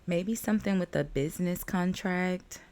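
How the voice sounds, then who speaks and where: This woman's lowish, slightly mellow voice moves at a moderate pace as she rambles through a home tarot reading while getting over a cold. Fillers and little laughs pepper her chatter, and an open balcony door lets in faint outdoor noise.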